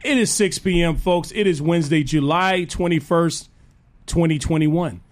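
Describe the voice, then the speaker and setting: A man's voice: on the high side, moderate pace. A man hosting a live radio talk show, hyped and joking, often laughing. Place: radio studio.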